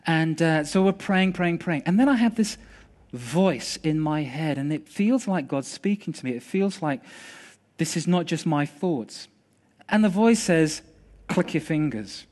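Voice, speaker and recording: High-voiced man preaching in story form. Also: unhurried. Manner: animated, conversational storytelling with restarts. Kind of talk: storytelling sermon.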